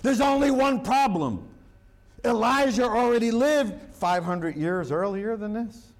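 A man with a high voice preaches at a slow, deliberate pace. He works jokes and stories into the sermon and leans on key words for emphasis. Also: animated. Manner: humorous, joke-telling preacher. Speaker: pastor.

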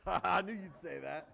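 High-voiced, slow-paced man preaching. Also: vocal fry, sharp tone. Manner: emphatic, joking asides to the congregation. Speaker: pastor. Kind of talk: sermon.

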